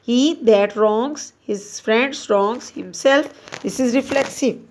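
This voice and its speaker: Woman, grammar teacher, unhurried, slightly raised pitch, reads exercises aloud, restarts words. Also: darkish tone, a little hiss or hum. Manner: slow and deliberate, with frequent restarts and self-corrections. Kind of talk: reading out and explaining grammar exercises. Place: Pakistan.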